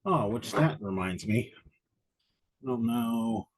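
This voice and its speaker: A man's voice: medium pitch, animated, slow, poor audio. A middle-aged man, a little winded, teaching an insurance exam class on a livestream in a chatty, rambling, self-deprecating way at his desk mic.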